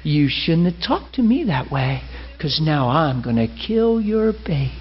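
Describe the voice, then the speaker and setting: A sinister demon speaking through a woman, low and menacing, as a preacher puts it on in a sermon story. The voice sits high but quiet. The recording is dull and lo-fi. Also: sing-song, unhurried.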